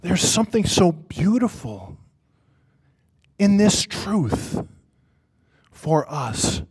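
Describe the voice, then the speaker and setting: A man preaching a sermon to a congregation in church, emphatic and repetitive, swinging from loud stress to hushed quiet. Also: high voice, big pitch swings, extremely slow, husky.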